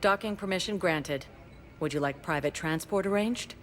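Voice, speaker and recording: A man's voice: high voice, moderate pace, fairly bright tone. A polite male docking officer. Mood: formal. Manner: formal, courteous. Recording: game audio with faint noise.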